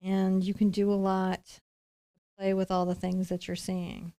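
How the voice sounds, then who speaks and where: A woman's voice: medium pitch, completely flat delivery, unhurried, mellow. Chatty woman teaching painting live. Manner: chatty and playful, talking while painting. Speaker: painting instructor. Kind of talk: live-streamed painting lesson.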